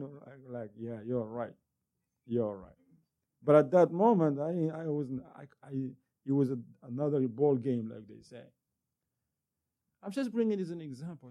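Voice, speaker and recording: Man preaching with a dark, mellow voice. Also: mid-range voice, unhurried. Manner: animated storytelling with rising emphasis. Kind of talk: sermon.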